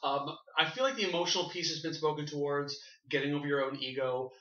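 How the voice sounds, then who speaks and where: A man's voice: fairly high pitch, steady tone, quick pace, bright, forceful tone. Canadian male co-host, casual, rambling and eager, heard from a distance in an echoey room with dull lo-fi sound. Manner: rambling, enthusiastic, many fillers and restarts. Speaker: podcast co-host. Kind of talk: casual panel chat. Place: shared room.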